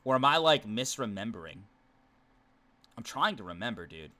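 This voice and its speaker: A young man streaming a game, rambling and chatting, breaking into loud excited jokes. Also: medium pitch, moderate pace. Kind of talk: live game commentary. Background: faint game music.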